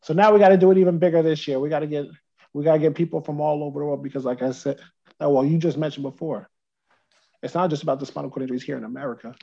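Upbeat gravelly man from New Jersey. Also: fairly high pitch, steady tone, racing, dark tone, highs cut off. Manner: upbeat, rambling, repeats words. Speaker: guest. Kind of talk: casual interview chat.

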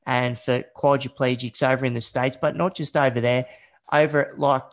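A man's voice: medium pitch, fairly even intonation, normal speed. An Australian man hosting a podcast interview, chatting casually and hesitantly, calling his guest "mate". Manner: friendly, says "mate", hesitant. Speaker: podcast host.

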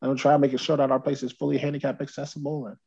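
A man's voice: mid-range voice, flat delivery, rapid-fire, gravelly, mellow, slightly rough, muffled recording. A man from New Jersey, talking as a guest in a casual interview over a remote call, upbeat and rambling, often repeating words.

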